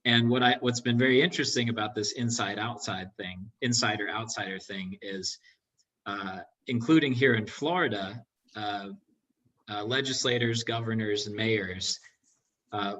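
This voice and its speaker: A man's voice: on the low side, normal speed, a bit bright. A man in the audience making a comment in an academic Q&A, hesitant and full of fillers. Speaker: audience member asking a question. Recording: voice distant from the mic.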